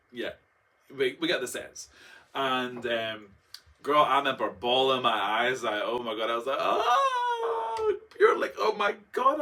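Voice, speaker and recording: A young man tells a personal story in a chatty, dramatic vlog style, packed with fillers and acted-out quotes. His medium-pitched voice sounds pushed and bright, and he is a bit far from the mic.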